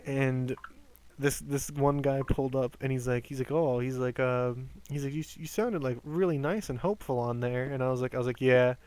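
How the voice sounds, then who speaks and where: A man in his twenties telling rambling work stories on a game stream, animated, swearing often and stumbling over restarts. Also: medium pitch, normal speed, smooth. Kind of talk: casual storytelling while gaming.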